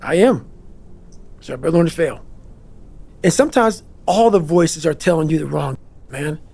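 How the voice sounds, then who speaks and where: Gravelly, intense, profane man. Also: fairly high pitch, expressive, normal speed, darkish tone. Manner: passionate, profane, emphatic. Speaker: podcast guest. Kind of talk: intense motivational monologue. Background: faint background music.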